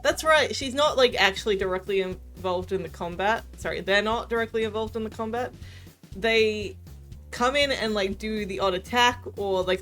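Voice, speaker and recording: A woman's voice: medium pitch, a bit bright. A woman streaming a game, casually chatting and reading the story text aloud. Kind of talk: casual let's-play narration.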